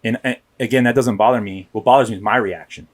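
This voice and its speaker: A man's voice: mid-range voice, quick pace. A man, a police officer, telling his story candidly and emphatically in a casual podcast interview, often checking in with "right?". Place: podcast studio.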